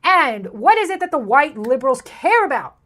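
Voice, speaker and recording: A woman's voice: high voice, very animated, normal speed, a bit bright. A woman hosting a commentary video, ranting in an abrasive, insulting, sarcastic way from a room with a plain wall. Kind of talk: ranting commentary over clips.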